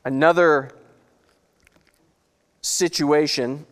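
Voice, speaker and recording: A man's voice: on the high side, steady tone, extremely slow, a bit bright, in a large hall. A man preaching a sermon as pastor, reading scripture and breaking into folksy, chatty asides.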